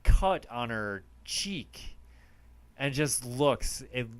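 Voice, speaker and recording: A man co-hosts a movie podcast in a smooth, clear voice. He talks slowly and easily, often just agreeing with short replies as his friend recaps the film. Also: medium pitch, lively intonation. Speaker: podcast co-host. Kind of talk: casual movie review chat.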